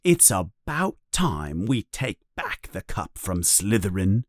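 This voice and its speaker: A narrator voicing an eager older schoolboy captain who talks keenly and quickly. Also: low voice, dry recording, clean studio sound, pitched below the performer's own voice, exaggerated voice. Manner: excited, quick and keen. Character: eager teenage boy team captain.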